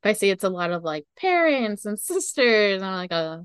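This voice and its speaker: A woman chatting casually on a podcast, telling stories in a giggly, animated way. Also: mid-range voice, normal speed, clear, resonant tone, no room sound, studio quality. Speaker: podcast co-host. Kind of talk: casual chat.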